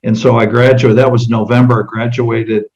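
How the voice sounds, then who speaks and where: Middle-aged man walking through a sales pitch. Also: flat delivery, moderate pace, a little mellow, highs cut off. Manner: conversational, asks many direct questions. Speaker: insurance agent and sales trainer. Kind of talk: demonstrating a client sales meeting.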